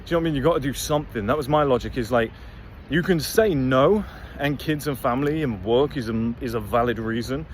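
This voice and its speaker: A man's voice: medium pitch, a little fast, hardly any pauses, a little hiss or hum. A man giving a blunt, rambling, profane motivational monologue to camera as host of his own channel. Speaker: motivational vlogger.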